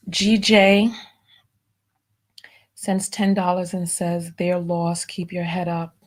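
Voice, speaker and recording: A woman hosting a live stream, reading out viewer donation messages and softly thanking each one. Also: on the low side, level tone, extremely slow, long pauses. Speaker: livestream host.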